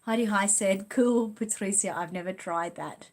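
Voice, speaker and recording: An Australian woman hosts a relaxed live stream, chatting through her viewers' comments in a friendly, easygoing way. Her voice sits in a middle pitch, and she talks casually and reacts with small laughs as she goes. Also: moderate pace. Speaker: channel host reading viewer comments.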